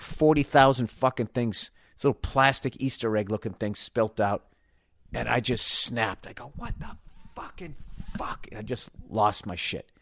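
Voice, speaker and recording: A man's voice: mid-range voice, no echo, clean studio sound. Profane, exasperated man ranting on a podcast. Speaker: podcast host. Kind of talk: comedic podcast rant.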